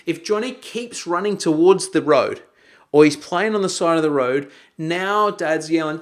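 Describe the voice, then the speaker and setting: A man's voice: a little high, unhurried. A man coaching a group, teaching with acted-out examples and raising his voice for quoted lines. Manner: animated, acts out shouted quotes.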